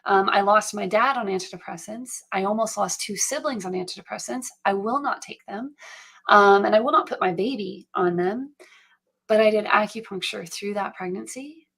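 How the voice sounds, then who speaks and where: A middle-aged woman, a guest on an interview show, tells her personal story in an earnest, reflective way with halting restarts. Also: mid-range voice, vocal fry, a bit bright, slightly rough. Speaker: guest, founder of a mental health program.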